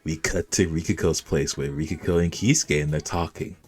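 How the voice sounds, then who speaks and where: A man casually recapping an anime episode, animated and reacting as he retells the scenes. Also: a bass voice, a little fast, slightly rough. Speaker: anime reviewer.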